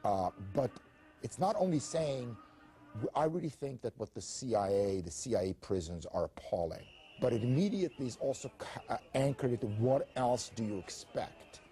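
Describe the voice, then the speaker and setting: A man explaining his views at length in a measured way, with frequent fillers. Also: mid-range voice, animated, mellow. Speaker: author interviewed. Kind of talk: explanatory talk.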